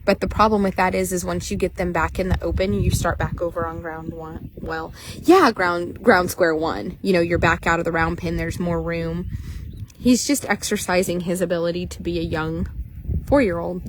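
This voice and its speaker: A woman's voice: fairly low pitch, steady tone, normal speed. A woman horse trader giving blunt, joking commentary on a training session outdoors. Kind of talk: casual commentary. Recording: noisy outdoor ambience.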